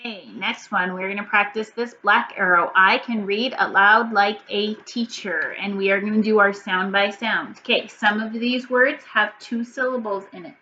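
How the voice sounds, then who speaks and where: A woman teacher leading a phonics reading lesson for young children, prompting slowly and patiently, sound by sound. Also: medium pitch, steady tone, sharp tone. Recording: dull, slightly noisy, roomy sound.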